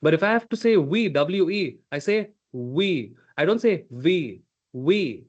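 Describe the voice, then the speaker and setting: Male speech coach, high voice, dull audio, emphatic and demonstrative. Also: expressive, brisk. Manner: emphatic, drills sounds aloud, checks in with "okay?". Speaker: communication coach. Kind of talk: live online workshop coaching.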